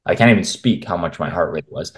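Deep-voiced blunt man, opinionated guest. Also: fast. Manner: blunt, opinionated, talks in long rambling runs. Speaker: men's health coach, guest. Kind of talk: casual interview conversation. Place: at home in Canada.

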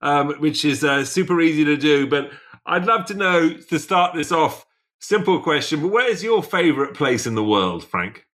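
Bright, playful male chat host. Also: a little high, expressive, normal speed. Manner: playful, teasing. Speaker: show host. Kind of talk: casual interview chat.

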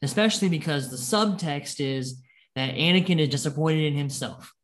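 A young man hosting a podcast, reviewing a film in an animated, casual way and quoting its lines, with lots of likes and restarts. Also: a little high, moderate pace. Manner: animated, quotes movie lines in passing, many likes and restarts. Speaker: podcast host.

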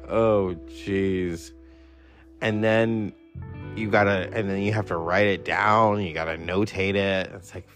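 A man in his forties talking in a rambling solo monologue, swearing and mocking himself, jumping high when he quotes himself. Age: 40s. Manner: swearing, self-mocking, jumps between topics.

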